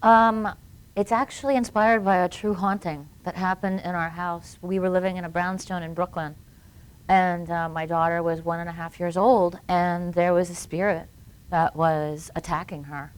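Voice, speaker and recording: A woman's voice: fairly low pitch, level tone, normal speed, smooth. A woman guest on a live-streamed interview, telling a personal story in earnest and acting out the voices of people she quotes. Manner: earnest, acts out quoted voices while recounting events. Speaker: guest filmmaker.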